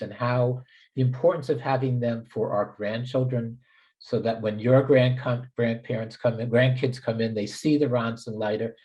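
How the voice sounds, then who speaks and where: A man's voice: medium pitch, a little mellow, highs cut off. A man moderating a panel discussion, asking questions with many fillers and restarts.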